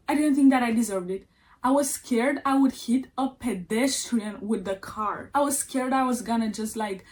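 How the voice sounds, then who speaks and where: A woman's voice: a little high, a little mellow. A young woman vlogger telling a personal story in an earnest, emphatic, motivational way, filling her talk with "like". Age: young adult. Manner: earnest, emphatic, self-help pep talk with lots of "like". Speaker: lifestyle vlogger.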